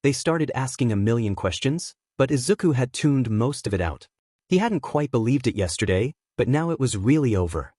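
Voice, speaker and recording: A man reads a fan fiction story aloud in a steady, even voice. His pitch sits in the middle range. The sound is dry and close, with no room echo. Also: moderate pace. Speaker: narrator. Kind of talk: fan fiction audiobook reading.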